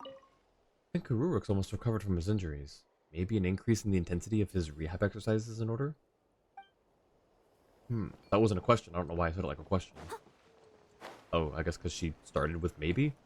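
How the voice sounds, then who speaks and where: Low-voiced, chatty male game streamer. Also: brisk, pauses often, a little mellow, a little hiss or hum. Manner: chatty, rambling, laughs often. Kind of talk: casual live-stream gaming commentary.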